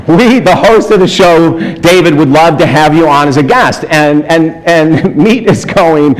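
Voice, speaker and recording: A man giving a storytelling sermon as a spiritual speaker, animated, chuckling often and acting out the people in his stories. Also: a little high, normal speed, low-quality recording. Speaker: spiritual speaker and life coach. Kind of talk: storytelling sermon to a live audience.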